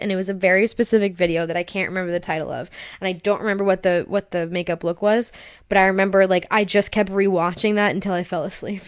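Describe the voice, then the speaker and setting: Young woman with a smooth voice, telling a story. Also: mid-range voice. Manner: animated storyteller, acts out her own past panic. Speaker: podcast co-host. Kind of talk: casual storytelling chat.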